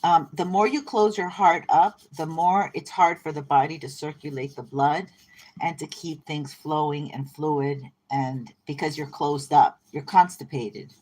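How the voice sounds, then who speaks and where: A woman reading tarot cards in a casual, rambling way. Her voice sits a bit low. She is irreverent and breaks into laughter often. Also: steady tone, measured pace, darkish tone. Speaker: tarot reader. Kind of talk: casual spiritual card reading.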